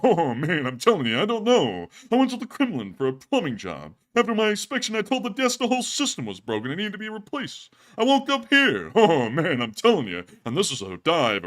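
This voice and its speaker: A man's voice: medium pitch, pushed and bright. A man putting on a comic voice as a jailed plumber, moaning and repeating his catchphrase. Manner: repeats "oh man, I'm telling you", laughing between lines. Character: wisecracking jailed male plumber, comic grumbler.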